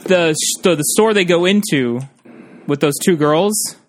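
Rambling man, slightly high voice. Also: a little slow, slight background noise. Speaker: podcast co-host. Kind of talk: casual chat.

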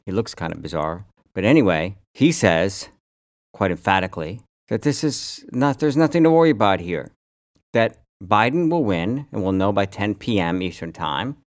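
A man co-hosting a podcast in casual chat, animated and rambling, swearing freely and restarting his sentences. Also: on the low side, moderate pace, dry recording, studio quality. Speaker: podcast co-host.

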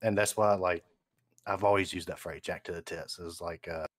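A man chatting on a podcast call in a laid-back, joking way with plenty of swearing. His voice sits on the low side, and the sound is dry and close to the mic. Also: steady tone, moderate pace, no echo. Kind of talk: casual podcast chat over voice call.

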